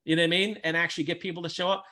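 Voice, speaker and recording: Blunt cussing guy telling stories in a chat, bright punchy tone. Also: fairly high pitch, racing. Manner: blunt, brash and profane, with animated storytelling. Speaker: host. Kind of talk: casual chat.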